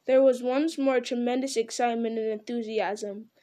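A woman narrating an audiobook in a measured, dramatic storytelling manner. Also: a little high, fairly even intonation, mellow. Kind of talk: audiobook reading.

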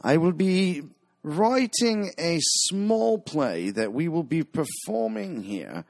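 A man's voice: on the high side, big pitch swings, slow pace, creaky, dry recording, clean studio sound. A man hosting a podcast in casual chat, rambling and tripping over his words, swearing freely as he jokes. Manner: rambling, stumbling over words, profane joking. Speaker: podcast host.

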